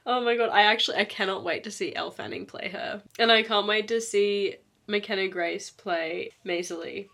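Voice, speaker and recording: A young woman chats in a casual book vlog, gushing and emotional about what she has read. Her voice sits at a middling pitch. She talks in a loose, chatty way straight to her viewers. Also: fairly even intonation, normal speed, pushed and bright. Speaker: book vlogger.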